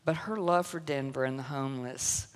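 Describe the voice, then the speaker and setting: At a moderate pace and with an extremely low-pitched voice, a guest speaker with a Southern US accent recounts her personal story in a church sanctuary. Laughter and sorrow run through the emotional testimony, which echoes with long church hall reverb.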